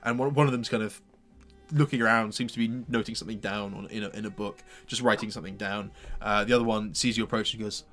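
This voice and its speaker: A man's voice: fairly low pitch, steady tone, quick pace, fairly bright tone, faint music behind. A man running a tabletop game as game master, narrating scenes in a rambling way with lots of restarts. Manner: rambling, full of fillers and restarts.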